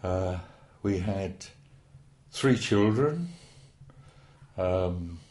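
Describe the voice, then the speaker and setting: A man's voice: sits low, expressive, drawn-out words, darkish tone. Rambling older man. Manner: rambling, hesitant, folksy storytelling. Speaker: interviewee. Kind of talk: oral history reminiscence. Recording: roomy echo.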